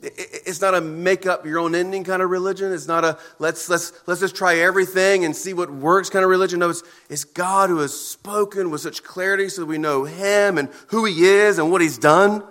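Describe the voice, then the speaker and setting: A man preaching a sermon as pastor, earnest and emphatic, with deliberate pauses between phrases. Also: high voice, fairly even intonation, a bit bright.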